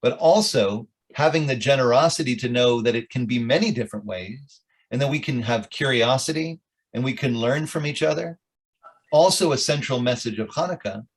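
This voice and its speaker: A middle-aged rabbi telling stories with jokes and asides to his audience at a club meeting. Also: mid-range voice. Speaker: rabbi, guest speaker. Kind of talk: informal talk at a club meeting.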